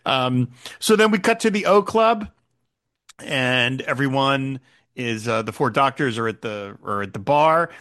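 A man's voice: mid-range voice, expressive, a little slow, a bit bright. A man co-hosting a podcast, animatedly recapping a TV episode in casual chat and retelling scenes with quoted lines. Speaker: podcast co-host.

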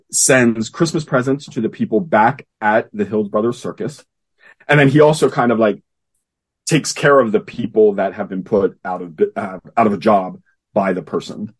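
A man co-hosting a casual podcast, retelling a comic story with animated flair and acting out characters' lines. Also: fairly low pitch. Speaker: podcast co-host. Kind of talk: casual comic book discussion.

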